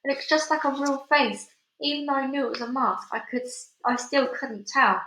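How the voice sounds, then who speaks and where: An eager, excitable little boy who bursts out with every thought as it comes, as a woman reads him out. the voice is pitched up high and bright, ringing in an echoey room like a storybook reading. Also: moderate pace, slight background noise. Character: brave, excitable young boy turned mouse.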